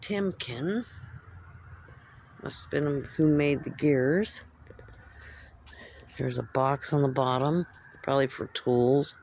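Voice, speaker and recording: Woman from central california, unhurried speech, faint outdoor hiss, casual walking vlog, musing to herself. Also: very deep voice, darkish tone. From Central California, United States. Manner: musing, describes things aloud to herself. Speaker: vlogger. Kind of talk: casual walking vlog, narrating what she sees. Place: outdoors at a train station after dark.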